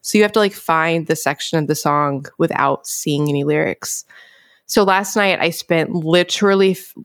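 A woman co-hosts a podcast in easy, casual conversation. Her voice sits a little low for a woman, and she rambles with "like" and quick giggles. The sound is dry and close to the mic. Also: no echo. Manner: chatty, giggly, lots of "like". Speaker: podcast co-host.

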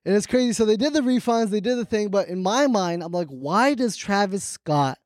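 A man co-hosting a comedy podcast, joking and animated, laughing often. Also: high voice, fast talker, no echo, studio quality. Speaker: podcast co-host. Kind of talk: casual comedic chat.

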